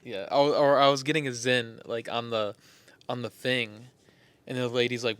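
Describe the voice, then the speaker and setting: A man's voice: medium pitch, steady tone, moderate pace, a bit bright, clear, resonant tone, dry recording. Young male co-host with a mid-range voice, rambling and loose, lots of likes and ums. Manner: rambling and trailing off, many fillers. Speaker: podcast co-host. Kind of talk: casual chat.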